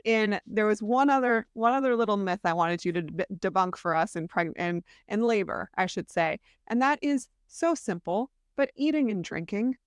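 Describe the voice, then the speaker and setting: A woman's voice: mid-range voice, animated, normal speed, hardly any pauses, smooth, no room sound. Upbeat woman podcast host, dry close sound. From Chicago. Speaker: podcast host, nurse practitioner. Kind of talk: podcast intro and casual interview.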